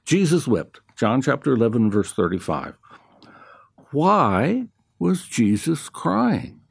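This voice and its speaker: A man's voice: medium pitch, very animated, takes it slowly, gravelly, breathy edge, no room sound, studio quality. A man with a South African accent gives a conversational radio Bible teaching, repeating key phrases and asking rhetorical questions.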